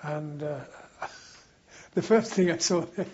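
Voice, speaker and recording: For an oral history interview, an older war veteran recalls old times, rambling from anecdote to anecdote and often restarting. His voice is fairly high, slow and a little mellow. The audio sounds dull.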